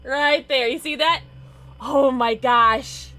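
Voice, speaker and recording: A woman's voice: sits high, slow pace, bright, forceful tone. A woman streaming a horror game live, chatting to viewers and squealing when startled. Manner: jumpy, squealing when scared, talks to chat. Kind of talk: live gameplay chat.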